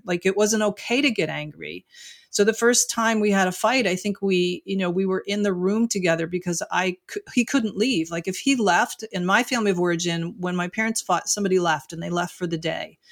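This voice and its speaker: A middle-aged woman, an author and marriage coach, talking frankly and reflectively as an interview guest, often saying "you know" and "like". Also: lowish voice. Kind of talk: candid interview conversation.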